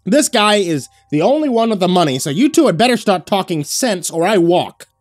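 A man's voice: mid-range voice, very animated, measured pace, darkish tone, breathy edge, no echo, clean studio sound, pitched above the performer's own voice. A man voicing a blunt, hot-tempered British man who swears, in a spoken horror story. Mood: angry.

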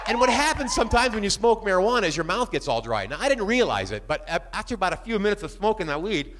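A man doing a stand-up comedy set, animated and jumping into shouted bits. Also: high voice, fast talker.

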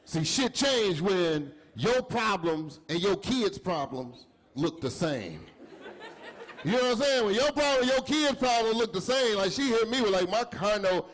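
Speaking in a high voice at a measured pace, a middle-aged man does a stand-up set at a comedy club, animating his stories with acted-out dialogue. The live recording has a faint crowd and audience laughter.

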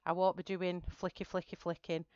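A smooth, clear-voiced woman chats casually through a live stream, greeting viewers and talking through her plan step by step. Her voice sits a little low, and the audio is dry and somewhat dull, like lo-fi stream sound. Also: flat delivery, brisk, darkish tone, dry recording. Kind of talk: casual live-stream chat while colouring.

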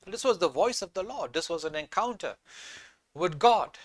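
A man's voice: high voice, animated, moderate pace, a bit bright, dry recording. A man preaching a sermon, reading scripture aloud and repeating key phrases for emphasis.

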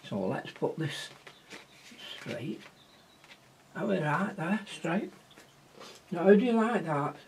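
Gravelly Wigan man chatting through a painting demo. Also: on the high side, sing-song, slow, long pauses, slight background noise. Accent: Wigan, Lancashire. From Wigan, England. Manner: chatty, full of tag questions to viewers; mutters softly to himself while painting. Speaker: watercolour painting teacher. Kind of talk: casual painting demonstration.

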